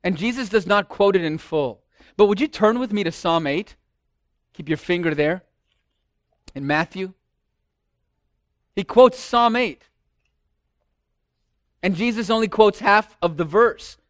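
Pastor, male, high register, dramatic delivery, dry close sound. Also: expressive, unhurried, long pauses, dry recording. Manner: dramatic preaching, acts out quoted voices. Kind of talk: sermon.

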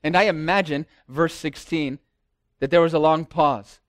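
Pastor, male, high register, dramatic delivery, dry close sound. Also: fairly even intonation, moderate pace, no echo. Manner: dramatic preaching, acts out quoted voices. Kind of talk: sermon.

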